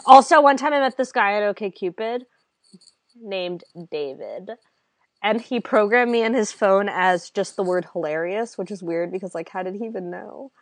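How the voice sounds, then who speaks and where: A woman hosting a casual comedy chat, tossing in wry, deadpan quips. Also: mid-range voice, normal speed, no room sound.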